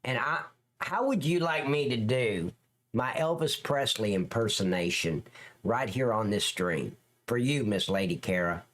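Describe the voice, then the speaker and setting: Man, middle-aged, live-stream host, joking and rambling, animated pitch, teasing chat banter. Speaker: live-stream host reacting to police videos. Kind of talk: live-stream reaction commentary.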